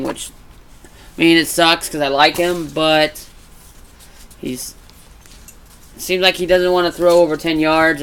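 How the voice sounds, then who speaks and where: A man casually chatting in a vlog, rambling with restarts and growing animated as he retells stories. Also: fairly high pitch, a little hiss or hum. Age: adult. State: congested from allergies. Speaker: vlogger. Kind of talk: casual chat.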